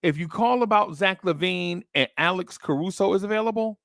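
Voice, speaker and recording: Gravelly man talking basketball trades. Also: high voice, fairly quick, a bit bright, dry recording, studio quality. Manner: acts out phone calls in a streetwise voice. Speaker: podcast host. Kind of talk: casual basketball talk.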